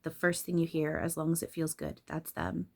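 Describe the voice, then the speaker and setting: A woman's voice: deep voice, level tone, normal speed, gravelly, darkish tone. A woman channeler talking casually and candidly about spirituality, swearing freely and laughing often.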